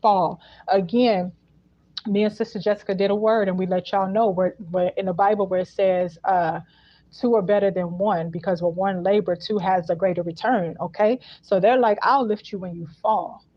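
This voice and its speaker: A woman with a mid-range voice and a steady tone gives a casual spiritual message at a moderate pace, speaking colloquially. She is emphatic and repetitive, unpacking each phrase in turn. The recording is dull, dry and lo-fi.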